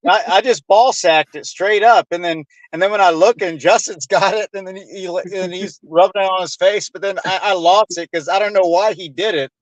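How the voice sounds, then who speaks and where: A man speaks in a notably high voice, recorded dry and close. He chats casually, often stumbling and repeating words, and laughs along. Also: fairly even intonation, a little fast, hardly any pauses, no echo. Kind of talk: casual storytelling chat.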